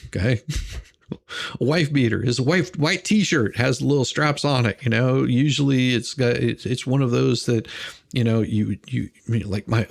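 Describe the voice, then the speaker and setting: A livestream host with a fairly low, creaky voice reacts to court drama in casual commentary. He riffs in a rambling, mocking way, laughing and repeating himself.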